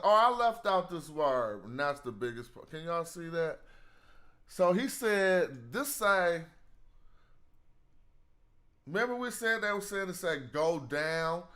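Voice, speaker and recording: Slow-talking slangy man teaching hieroglyphs. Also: fairly high pitch, a bit bright. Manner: slangy, thinking aloud, drawn-out words. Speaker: live stream host teaching hieroglyphs. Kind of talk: casual live-stream study session.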